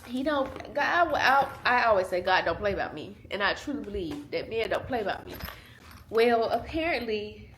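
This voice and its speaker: A woman's voice: mid-range voice, sing-song, moderate pace, fairly bright tone, a little hiss or hum. A woman in her twenties, a mother vlogging in casual chat to camera, candid and chatty, laughing often and talking straight to her viewers. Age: 20s. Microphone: small handheld camera.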